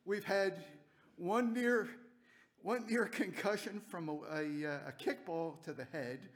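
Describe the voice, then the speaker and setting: A middle-aged man speaks at a church memorial, his voice sitting high. He rambles gently through fond anecdotes, breaking into laughs as he goes. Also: slow. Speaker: church member giving a eulogy.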